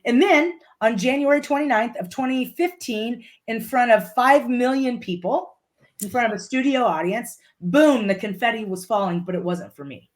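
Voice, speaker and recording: A woman's voice: on the high side, expressive, moderate pace. A woman from Litchfield, Illinois, a podcast guest telling a motivational story and repeating her key phrases for emphasis.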